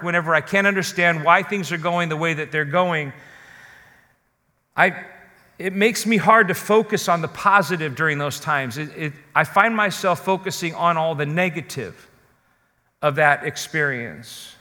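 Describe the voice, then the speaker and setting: A man with a high, bright voice preaches a sermon with earnest conviction. He puts questions straight to his listeners and slows down to stress the words that matter. His voice rings out with a long hall reverb. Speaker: pastor.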